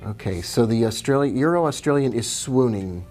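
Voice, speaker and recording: A man of middle pitch hosts a live trading stream in a relaxed, chatty way. He greets viewers by name and answers their questions as he talks through the charts. Soft music plays faintly in the background. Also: normal speed.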